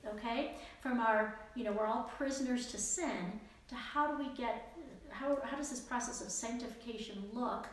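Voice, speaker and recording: A woman teaches a casual Bible study in an earnest, chatty way, restarting her sentences often. Her fairly high voice rings through a very echoey room, and a faint background noise runs under it. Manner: earnest, conversational, many fillers and restarts.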